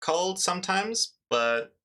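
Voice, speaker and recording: A man's voice: high-pitched, slow pace. A man co-hosting a stream, chatting casually and joking around. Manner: relaxed, joking, chats back and forth. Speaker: stream co-host. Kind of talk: casual chat.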